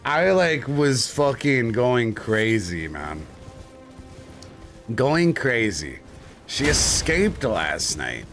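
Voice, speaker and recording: A man's voice: medium pitch, very slow, faint music behind. A man streaming live, chatting casually and telling stories with lots of swearing and frequent laughter. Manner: animated, swearing storyteller who laughs often.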